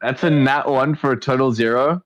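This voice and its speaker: A man running a tabletop game as game master, relaxed and joking with quick asides. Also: medium pitch, no room sound. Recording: dull lo-fi stream audio.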